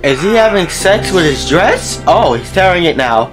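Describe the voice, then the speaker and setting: A man's voice: high-pitched, sing-song, normal speed, over music. A man hosting a reaction video, talking casually, exclaiming in disbelief and swearing freely.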